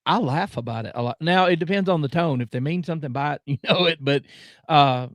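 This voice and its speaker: A man's voice: on the high side, fairly quick, no echo. A man with a Southern US accent, a guest in casual chat, rambling with many filler words while enunciating carefully. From American South.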